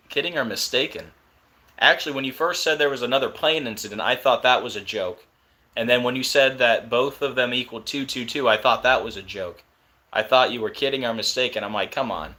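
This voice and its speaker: A young man hosting a live stream, talking casually and excitedly in disbelief. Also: medium pitch.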